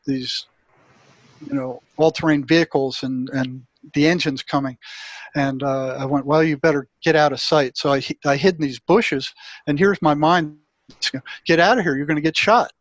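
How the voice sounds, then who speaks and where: A man's voice: a little high, fairly even intonation, moderate pace, dry recording. An older man, a retired therapist, telling a long personal story in a rambling way and acting out his inner voices. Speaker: guest, retired psychotherapist. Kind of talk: storytelling in an interview.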